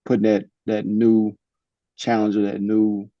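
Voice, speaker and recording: A man's voice: lowish voice, monotone, measured pace, no echo, muffled recording. A man hosting a podcast interview, asking questions hesitantly and restarting them as he goes. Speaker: host.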